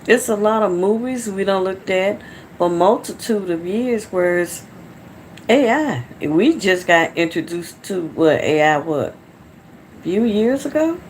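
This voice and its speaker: A woman from Atlanta, Georgia, with a Southern American accent rambles casually to her viewers on a phone livestream from home. Her voice is medium-pitched with lively intonation and a measured pace, plus slight background noise.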